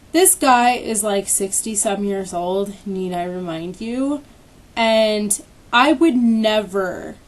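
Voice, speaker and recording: A young woman vlogger casually retells a personal story, candid and swearing freely, with plenty of filler words. Her voice is medium in pitch and slightly mellow, and it sounds a bit distant from the mic.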